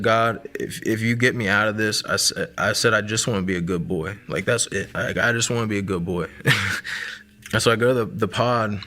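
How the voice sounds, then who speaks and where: A man's voice: lowish voice, sharp tone. A man in his thirties sharing a personal testimony in a casual, conversational way, full of fillers like "like" and "man".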